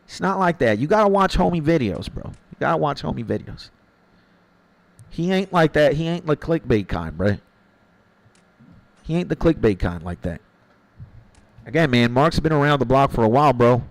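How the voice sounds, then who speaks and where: A man's voice: on the high side, sing-song, normal speed, gravelly, long pauses, no echo, rough recording. Slangy man rambling to his stream chat. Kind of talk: casual chat with viewers while gaming.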